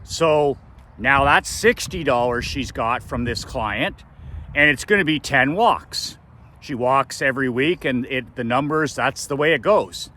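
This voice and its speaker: In a casual vlog, a middle-aged business coach from Canada shares a family story with emphasis, echoing phrases to drive points home. He speaks unhurriedly in a medium-pitched, expressive voice with a sharp tone.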